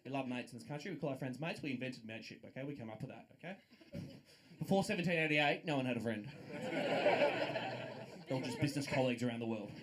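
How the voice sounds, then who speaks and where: A young Australian man doing stand-up, sarcastic and swearing, swinging from loud rants to low asides. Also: expressive, quick pace, pauses often. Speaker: stand-up comedian. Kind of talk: stand-up comedy. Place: comedy venue with audience laughter. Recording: live stage recording with audience noise.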